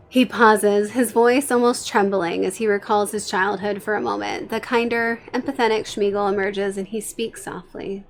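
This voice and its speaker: A woman's voice: medium pitch, fairly even intonation, normal speed, few pauses, soft background music. A woman streaming a game, casually reading its story aloud between chatty asides. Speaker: streamer narrating a life-sim game. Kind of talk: casual let's-play narration.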